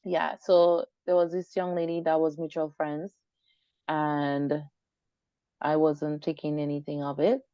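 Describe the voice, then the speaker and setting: A woman speaking as a guest in a personal storytelling interview, her pitch sitting a little low. She tells her story in an animated way and plays out the voices in the conversations she recounts. The recording is dry, dull and lo-fi. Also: measured pace, no echo. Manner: animated, acts out quoted dialogue.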